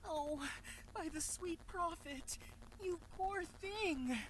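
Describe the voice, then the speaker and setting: A performer voicing a gentle, worried young palace boy who sounds tearful and pleading, for a visual novel read aloud. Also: very high-pitched, slow, slight background noise. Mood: worried, tender.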